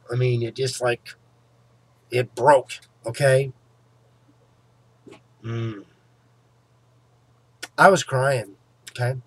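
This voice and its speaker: In a casual vlog, a man recounts a painful tooth extraction with a sore jaw, speaking emphatically, swearing freely, and repeatedly asking "okay?" His voice is fairly high and fairly bright.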